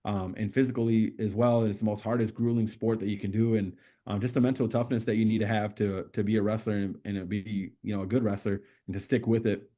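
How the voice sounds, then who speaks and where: A middle-aged man, a podcast guest, telling stories in a casual interview, animated and swearing freely as he acts out what people said. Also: lowish voice, brisk, hardly any pauses.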